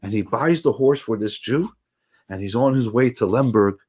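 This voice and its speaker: A man giving a daily holiday message, retelling a story in a lively way with frequent restarts. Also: mid-range voice, normal speed, breathy edge. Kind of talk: animated storytelling.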